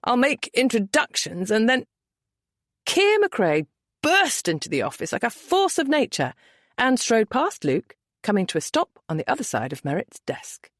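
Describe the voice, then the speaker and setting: A woman narrating a romance novel audiobook with an expressive storytelling lilt. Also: fairly high pitch, moderate pace, dry recording, clean studio sound.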